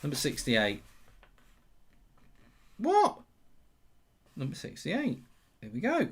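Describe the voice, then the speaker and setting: Animated man hosting a watchalong. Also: sits high, a little slow, long pauses. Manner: rambling, sarcastic, swears and sings along in bursts. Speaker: football watchalong host. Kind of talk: casual live-stream chat.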